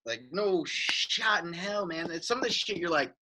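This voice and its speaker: A man co-hosting a podcast in casual chat, rambling and excitable and swearing casually. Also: high voice, normal speed, poor audio. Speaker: podcast co-host. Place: studio.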